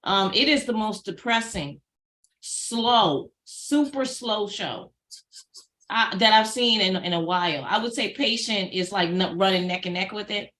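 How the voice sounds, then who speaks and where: A middle-aged woman co-hosting a casual chat review, chatty and exclaiming with quick asides. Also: mid-range voice, pushed and bright, echoey room. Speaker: co-host.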